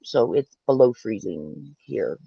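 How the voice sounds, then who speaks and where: Caller dude, gravelly, pauses a lot to find words, dull muffled audio. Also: male voice, fairly low pitch, very animated, no echo. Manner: rambling, hesitant, searching for words. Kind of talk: casual chat.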